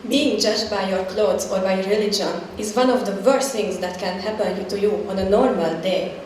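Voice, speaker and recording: A woman's voice: mid-range voice, moderate pace, darkish tone. A woman telling her own story in a candid, conversational way as a scripted stage testimony, heard from a distance in a reverberant hall. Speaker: performer sharing a personal story. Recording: echoey hall, distant mic, faint noise.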